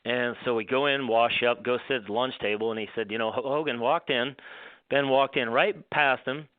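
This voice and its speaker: A male golf professional, a guest, telling stories in a rambling, animated way with many restarts. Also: mid-range voice, moderate pace, slight background noise. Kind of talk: storytelling on a radio show. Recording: dry phone line.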